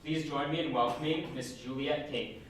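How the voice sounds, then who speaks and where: A man's voice: a little high, steady tone, moderate pace. A young man who is a student host reading a formal introduction of a guest speaker. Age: young adult. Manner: formal, reads from a script. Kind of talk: read introduction. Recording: very echoey hall, mic far off, faint noise.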